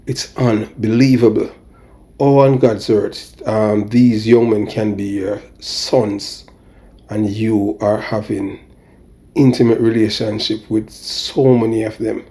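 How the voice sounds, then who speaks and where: Low, mellow man lecturing viewers. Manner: earnest, preachy, repeats "you know" and "you understand". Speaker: commentary show host. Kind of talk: spoken commentary to viewers.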